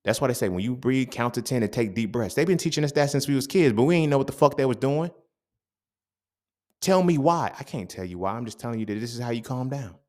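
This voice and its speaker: A young adult man hosting a podcast, talking in a casual, animated monologue full of profanity and street slang. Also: medium pitch, fast talker. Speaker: podcast host.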